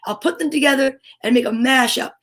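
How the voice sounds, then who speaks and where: A woman with a New Jersey accent hosting a live children's story time, talking to young viewers in an animated, sing-song way. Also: high-pitched, a little fast. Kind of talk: live-streamed children's program.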